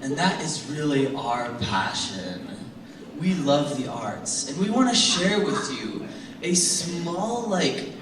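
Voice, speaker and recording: A young man from Brazil emceeing a live stage show, playful and chatty with the audience. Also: a little high. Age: young adult. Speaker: stage presenter. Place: performance hall with a live audience. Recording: roomy hall, distant mic, background noise.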